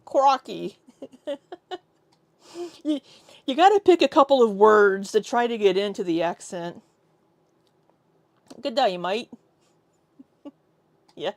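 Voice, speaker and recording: A woman's voice: medium pitch, sing-song, a little slow, long pauses, a little mellow, no room sound. An American woman chatting casually with her viewers on a live stream, laughing often and joking around. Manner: chatty, laughs often, tries out silly accents.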